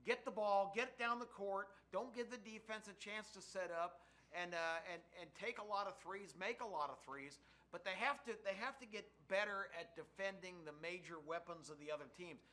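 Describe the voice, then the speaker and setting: A man with a fairly high, bright voice talks sports on the radio. He explains his views in a measured, analytical way and keeps a steady flow. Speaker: co-host.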